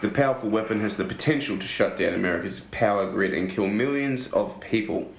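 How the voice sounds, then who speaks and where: A man's voice: on the low side, a little fast, gravelly, roomy sound. A young Australian man co-hosting a casual podcast chat, joking and crude, fond of doing impressions. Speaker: podcast co-host.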